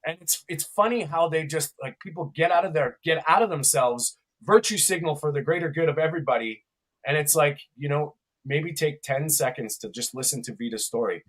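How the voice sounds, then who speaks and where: A man's voice: fairly high pitch, brisk, a bit bright. A man hosting a podcast in a laid-back, chatty way, laughing often. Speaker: podcast host. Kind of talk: casual podcast chat.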